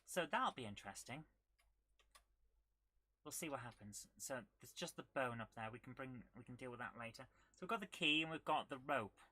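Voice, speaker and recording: A woman's voice: a bass voice, expressive, brisk, bright, forceful tone. A woman streaming a retro game live, chatting and thinking aloud as she plays and humming along to the game. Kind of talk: live gameplay commentary.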